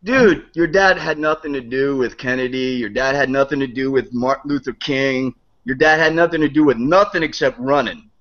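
A man's voice: medium pitch, normal speed, a bit bright, dull audio. A man guesting on a live online show, mocking and taunting the other guest and cutting in on him. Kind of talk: heated live online debate. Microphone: video call.

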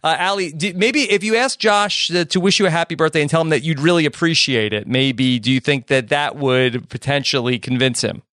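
A man hosting a podcast in casual chat, dry and teasing, quick to poke fun at himself. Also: on the high side, fairly bright tone, no room sound. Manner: dry, teasing, self-deprecating. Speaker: podcast host.

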